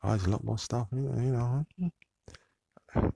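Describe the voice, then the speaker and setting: A man's voice: mid-range voice, a little slow, creaky, dark tone, slightly rough, dry recording. A man hosting his own channel, talking to viewers in a meandering, hesitant monologue full of fillers and restarts. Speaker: channel host.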